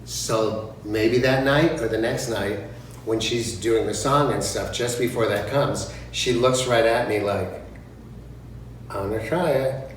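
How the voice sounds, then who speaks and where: A man telling stories from his stage career, animated and chatty, and he slips into singing bits and voicing other people. He sits some distance from the mic in a very roomy, echoing room with a soft hiss underneath. His pitch sits in an ordinary middle range. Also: a little slow. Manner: animated storyteller, acts out dialogue and sings snatches. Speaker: interviewee, stage performer. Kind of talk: casual anecdote telling.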